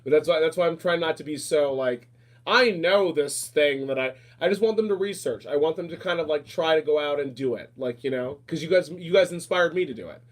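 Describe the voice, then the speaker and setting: A man's voice: fairly high pitch, fairly quick. A man chatting casually and flamboyantly, repeating himself and calling people darling. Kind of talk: casual chat.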